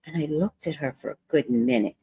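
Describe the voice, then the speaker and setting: A woman hosting a casual livestream, telling an animated story and acting out other people's lines in voices. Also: deep voice, brisk, a little hiss or hum. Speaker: vlog host.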